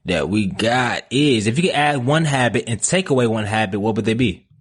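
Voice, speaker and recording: A man hosting a podcast, chatting casually and excitably, full of slang like man and bruh. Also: mid-range voice, normal speed, husky. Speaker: podcast host. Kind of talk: casual interview chat.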